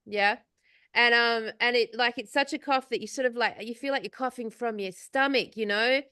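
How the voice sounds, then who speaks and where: A woman's voice: fairly high pitch, normal speed, sharp tone, clean tone, dry recording, studio quality. A middle-aged woman co-hosting a casual spiritual chat, rambling with many fillers and swearing freely. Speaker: podcast co-host.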